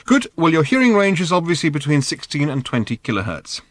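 A strange, polite shape-shifting bird voiced by a man in a storybook reading, speaking in a pleasant light tenor set a little higher. It rattles off brisk, matter-of-fact questions with lively curiosity. The sound is dry and close. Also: dry recording. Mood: brisk, inquisitive. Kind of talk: audiobook character voice.

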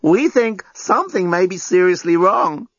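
A man's voice: sits high, animated, moderate pace, fairly bright tone, no room sound, highs cut off, pitched above the performer's own voice, full character voice. A man voicing a chatty gondola robot that speaks in clipped broken English.

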